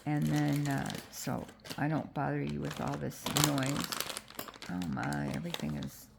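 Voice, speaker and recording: A junk journal crafter chats casually through a crafting tutorial, her voice stuffy and congested from allergies and full of fillers. She speaks low, expressively and at a measured pace, with a creaky quality, over heavy background noise.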